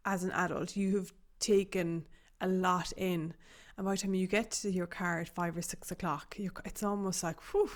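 A woman's voice: on the low side, flat delivery, moderate pace. Chatty woman asking rambling questions. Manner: rambling questions, many fillers. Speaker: podcast host. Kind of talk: casual chat.

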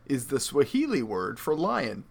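A man co-hosting a podcast in casual chat, joking and animated with quick asides. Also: mid-range voice, vocal fry, husky. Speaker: podcast co-host.

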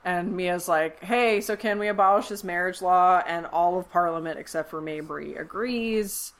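A woman co-hosting a podcast, recapping a movie in casual chat and acting out the characters' lines in quick voices. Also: lowish voice. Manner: animated retelling, acts out quotes in quick voices. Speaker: podcast co-host.

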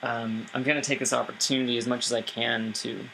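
A male musician guest speaking earnestly but haltingly, pausing often with fillers. His voice is bright and tense, and it comes over a remote line with faint noise behind it. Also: mid-range voice, little pitch movement, gravelly, poor audio. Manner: earnest, hesitant, many fillers. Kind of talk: casual remote interview.

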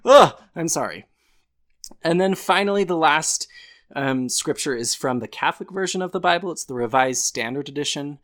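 A man's voice: fairly high pitch, lively intonation, moderate pace, a bit bright. A man co-hosting a casual podcast chat, explaining things and often breaking into laughter. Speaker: podcast co-host.

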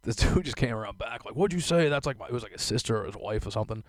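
A man's voice: lowish voice, rapid-fire, dry recording. A young man telling rambling stories in a casual monologue, swearing often and laughing to himself. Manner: profane, rambling, laughing asides. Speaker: solo vlogger.

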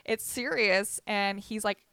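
A young woman co-hosting a podcast, venting bluntly with lots of swearing and telling animated stories between laughs. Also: medium pitch, slow pace, clear, resonant tone, dry recording. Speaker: podcast co-host. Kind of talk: casual chat.

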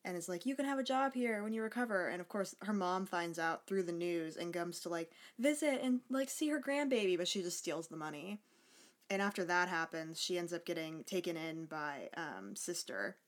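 A woman's voice: fairly low pitch, moderate pace. Chatty, sarcastic woman recapping a movie. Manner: chatty, sarcastic, swears casually. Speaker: podcast co-host. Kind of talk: casual movie recap chat.

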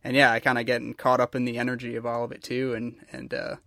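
A man's voice: medium pitch, completely flat delivery, fast, creaky, sharp tone, no echo, studio quality. A man interviewing a guest in a casual chat, rambling enthusiastically.

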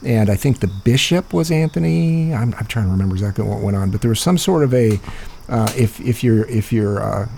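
A man with a low, gravelly voice spins a long, profane anecdote in loose podcast chatter, full of restarts and laughter. His recording carries a faint hiss of room noise behind him. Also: lively intonation, fairly quick, warm tone. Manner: rambling, profane, laughs through his stories. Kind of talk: casual storytelling chat.

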